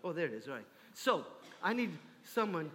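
Animated high-voiced preacher telling a story. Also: male voice, normal speed, big-room sound, a little hiss or hum. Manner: animated, acts out characters. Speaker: pastor. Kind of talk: storytelling sermon. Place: church sanctuary.

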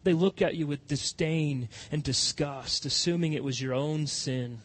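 A man preaching a sermon as pastor, swinging from loud impassioned cries to soft, hushed pleading. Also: a little high, unhurried.

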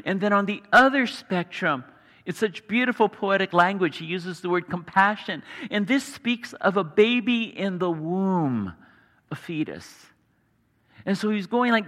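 Earnest preacher guy, bright voice, big echoey church hall. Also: high voice, animated, moderate pace. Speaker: pastor. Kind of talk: sermon.

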